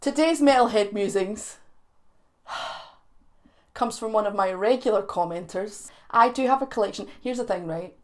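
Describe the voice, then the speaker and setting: A woman's voice: medium pitch, a little slow, pauses often, a little hiss or hum. A young woman with a Scottish accent hosting a chatty video channel, playful and teasing, laughing often between remarks. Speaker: YouTube reaction host. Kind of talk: chatty vlog to camera.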